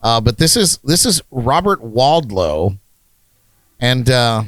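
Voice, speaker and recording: A man's voice: medium pitch, sing-song, slow pace, no room sound. Male podcast host, casual chat, rambling, laughs a lot, dry close mic. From United States. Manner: rambling, laughs often, many fillers.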